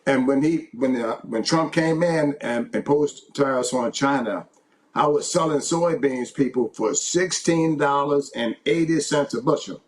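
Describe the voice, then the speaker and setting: A man speaking as a farmer guest in an interview, plainspoken and halting. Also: mid-range voice.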